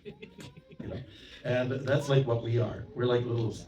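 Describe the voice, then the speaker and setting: Chatty monk lecturing in a roomy hall. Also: male voice, mid-range voice, huge pitch swings, unhurried, a little mellow, dull audio. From Canada. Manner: chatty, anecdotal, with many "you know" asides and audience questions. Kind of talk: storytelling sermon to a temple audience. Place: temple hall. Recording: roomy hall, mic at a distance, audience present.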